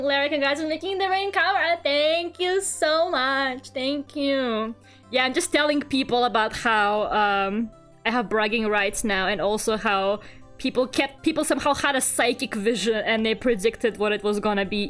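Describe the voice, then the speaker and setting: A woman's voice: a little high, normal speed, a bit bright, faint music behind. A young woman from England streaming as an artist, chatting casually and animatedly, laughing often and swearing now and then. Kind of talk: casual chat while drawing on stream.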